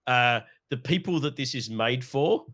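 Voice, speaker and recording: A man's voice: mid-range voice, animated, a little slow, a bit bright. A man co-hosting a horror film podcast in casual chat, enthusiastic and swearing freely. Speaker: podcast co-host.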